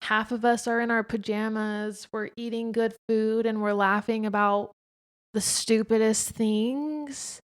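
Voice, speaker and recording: Chatty, expressive young woman podcaster. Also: a little high, unhurried, clean tone. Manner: chatty and expressive, frequent filler "like". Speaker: podcast host, interviewed by her husband. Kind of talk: casual conversational chat.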